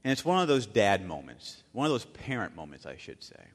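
A male pastor with a fairly low voice delivers a sermon as a vivid story. He swings from loud bursts down to near-hushed asides. His words trail off into a long, ringing reverb from a large hall. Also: very animated, a little fast.

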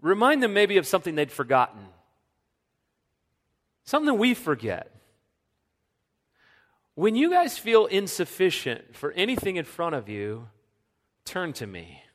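A man preaching a sermon as a pastor, earnest, sinking to a soft hush when he speaks God's words. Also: high-pitched, huge pitch swings, unhurried, pauses often. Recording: long reverb of a church hall.

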